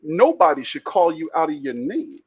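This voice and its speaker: A man on a casual talk show who speaks bluntly and with heavy emphasis, swearing freely and repeating words as he builds each point. His voice is a little high and somewhat husky. The recording is dull and lo-fi. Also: big pitch swings, normal speed. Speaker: podcast co-host. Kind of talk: heated casual discussion.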